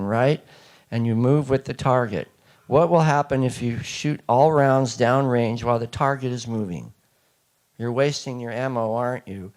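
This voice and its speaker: A man giving a speech to a live audience, emphatic and asking the listeners one rhetorical question after another. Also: medium pitch. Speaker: speaker.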